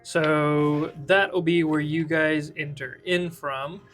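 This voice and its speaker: A man leads a tabletop game as its game master, his voice sitting a little high. He narrates casually, thinks out loud and laughs easily. Faint music plays underneath. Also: steady tone, slow pace. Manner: casual, laughs often, thinks aloud while drawing the map.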